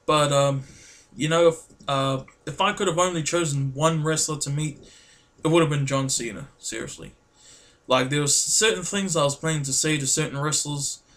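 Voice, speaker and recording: Excitable rambling New guy. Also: fairly high pitch. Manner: rambling and excitable, full of fillers and repeats. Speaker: vlogger. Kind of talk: casual chat to camera.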